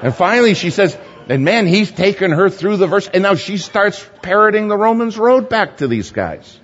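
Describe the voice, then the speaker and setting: A man preaching a sermon, telling a story animatedly, shifting between loud and hushed. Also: high-pitched, big pitch swings, normal speed. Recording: muffled hall recording with long reverb.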